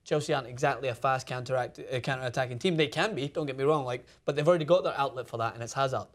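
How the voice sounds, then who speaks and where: A man co-hosting a sports show, giving opinionated football analysis in casual chat with fillers. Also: mid-range voice. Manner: opinionated, quick, thinks aloud with fillers.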